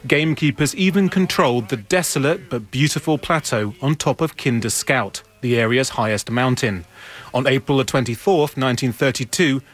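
Narrator: man, mid pitch, measured scripted read, dry close sound. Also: fairly bright tone, no room sound. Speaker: documentary narrator.

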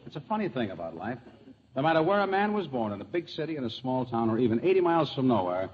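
Jovial lively radio comedy host. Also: male voice, medium pitch. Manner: jovial, quick to laugh. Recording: lo-fi old radio broadcast with hiss.

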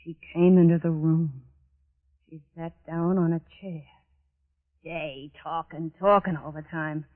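Brief: unhinged, haunted murderess narrating her crime, slow and brooding, tinny old radio play. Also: deep voice, fairly even intonation. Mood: frightened. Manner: feverish, repeating herself, brooding. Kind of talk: 1940s radio acting.

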